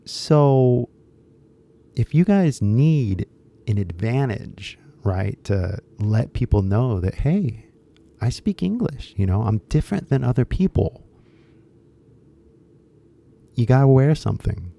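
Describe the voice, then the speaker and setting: A man's voice: mid-range voice, expressive, a little slow, vocal fry, mellow. A man talking casually to his viewers in a loose, chatty way, full of fillers and restarts, now and then switching into Japanese. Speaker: English teacher and shirt seller.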